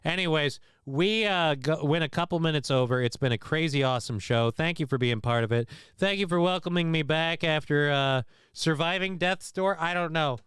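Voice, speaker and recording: A male livestream host talks through clips in a rambling, crude, self-deprecating way. His voice is smooth and clear and sits a little high. The sound is dry and close, as if he is speaking straight into the mic. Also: normal speed, fairly bright tone, no echo. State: unwell after vomiting. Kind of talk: casual live commentary.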